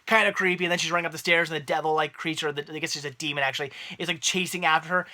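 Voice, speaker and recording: A young man and parent giving a rambling, animated movie review rant, full of restarts. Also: a little high, rapid-fire.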